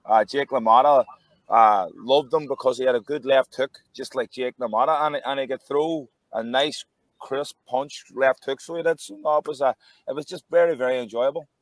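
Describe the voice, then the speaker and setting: A man's voice: mid-range voice, moderate pace, dry recording. A man, a former boxer, telling casual anecdotes with lots of restarts. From Ireland. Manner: animated anecdotes with frequent restarts. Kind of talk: casual storytelling.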